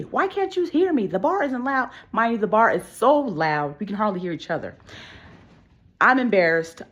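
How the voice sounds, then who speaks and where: A woman telling a casual storytime vlog at home, animated and candid, swearing freely and acting out what people said. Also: lowish voice. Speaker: vlogger. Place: home with kids and cats around.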